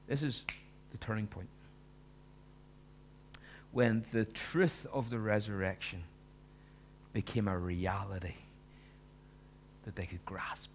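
A man preaching a sermon, acting out the disciples and moving between hushed lines and loud ones. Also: on the low side, slow, long pauses, slight background noise. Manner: animated, acts out the disciples' voices, swings from hushed to loud. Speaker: pastor.

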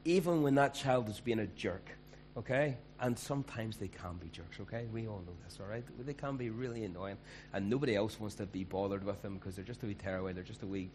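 A man's voice: fairly low pitch, fairly quick, a little mellow, slight background noise. A man preaching a sermon as pastor, conversational and emphatic.

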